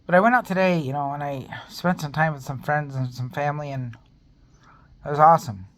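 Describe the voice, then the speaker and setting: A vlogger talks to camera in a slightly high, brisk, fairly bright voice. In this personal vlog he rambles earnestly through a faith testimony and speaks openly about being in pain.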